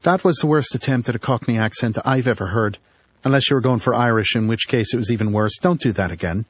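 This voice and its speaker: A man voicing a sharp-tongued, impatient young woman in an audiobook, quick and scolding. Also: mid-range voice, breathy edge, lightly acted. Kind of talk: audiobook character voice.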